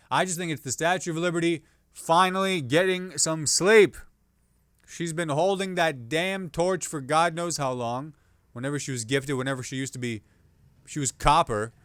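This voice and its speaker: A man hosting a comedy podcast, riffing on the news in a rambling, animated way and restarting jokes mid-sentence. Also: mid-range voice, clear, resonant tone, no room sound, clean studio sound.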